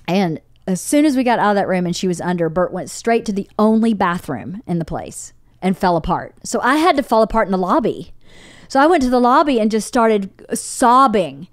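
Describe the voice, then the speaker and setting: Animated storytelling woman, dry close sound. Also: mid-range voice, fairly quick, no room sound. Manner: animated storyteller, acts out quotes, swears freely. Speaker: podcast host. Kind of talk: casual chat, storytelling.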